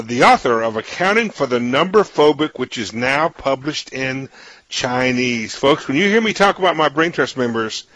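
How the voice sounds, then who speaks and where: A male radio talk show host speaks in a relaxed, conversational way, often doubling back on his words. His voice sits a little high for a man. The sound is close and dry, with no room echo. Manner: chatty, repeats words while searching for phrasing. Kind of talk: casual radio interview.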